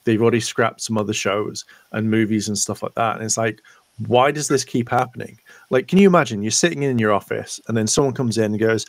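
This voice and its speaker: A man co-hosting a casual podcast, talking in an animated way, swearing freely and acting out imagined conversations. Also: medium pitch, fast talker, dry recording. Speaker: podcast co-host. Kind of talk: casual chat.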